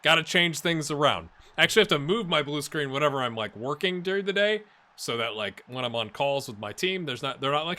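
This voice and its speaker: A Scottish man hosting a casual let's-play from his home office, chatty and excitable, bursting into loud commentary when the match heats up. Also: fairly high pitch, quick pace. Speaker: gaming channel host. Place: home office with a blue screen.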